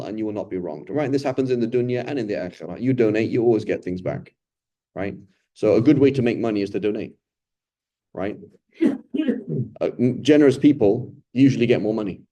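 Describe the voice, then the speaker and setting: A man's voice: medium pitch, brisk, mellow. A man giving a casual, conversational Quran lesson, often checking in with "right?" and briefly acting out the people he describes. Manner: acts out quoted complainers and beggars. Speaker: Quran teacher.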